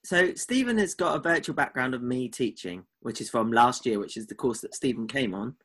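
Husky, teasing man. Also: medium pitch, expressive, a bit bright. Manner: teasing, quick-fire, mock-exasperated. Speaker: podcast co-host. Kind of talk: casual podcast banter.

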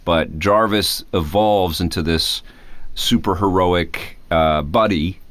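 Very low-voiced guy chatting away all excited, dry close sound. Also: slow, no room sound. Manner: enthusiastic, rambling with restarts. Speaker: podcast co-host. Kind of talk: casual chat.

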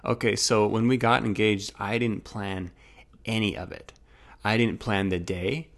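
A man's voice: fairly low pitch, steady tone, unhurried, creaky, a bit bright. A young man animatedly telling a personal story in casual chat, acting out his own past words.

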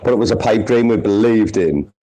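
A man's voice: on the low side, a little fast, warm tone, low-quality recording. A man with a Sunderland accent hosting a casual chat, swearing heavily in rowdy banter. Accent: Sunderland English. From northeast England.

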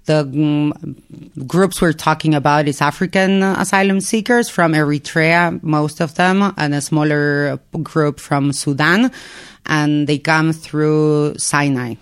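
A woman rabbi, a guest on the show, explaining her work in a measured way with pauses and restarts. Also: low-pitched, steady tone, smooth. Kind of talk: explaining in a podcast interview.

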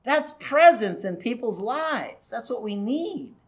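A man's voice: very high-pitched, big pitch swings, slow. A middle-aged male pastor giving an earnest, conversational sermon that builds to raised emphasis.

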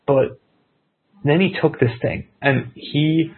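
A man telling a long personal story as a podcast guest, rambling and excitable with lots of fillers. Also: a little high, slow pace, creaky, husky. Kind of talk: casual storytelling. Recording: tinny phone-like line.

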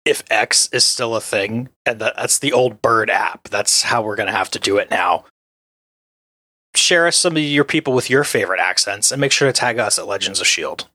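Bright-voiced male podcast co-host. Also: fairly low pitch, normal speed, no room sound, studio quality. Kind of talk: casual podcast chat.

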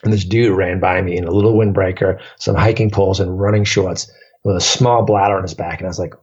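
Low, husky male guest; rambling storyteller, dull lo-fi podcast sound. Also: steady tone, brisk, a little mellow. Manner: rambling, restarts often, lots of fillers. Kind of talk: casual storytelling chat.

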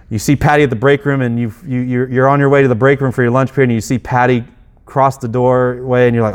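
A man's voice: medium pitch, fairly even intonation, fast, clean tone. Conversational middle-aged male pastor preaching. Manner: conversational, self-deprecating preaching with acted asides and restarts. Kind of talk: sermon.

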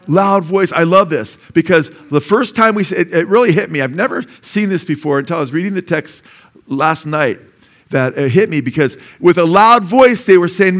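Male pastor with a higher voice, animated, conversational sermon delivery. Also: normal speed. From USA. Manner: animated preaching, frequent "amen?" to the congregation, acts out the lepers' shouts.

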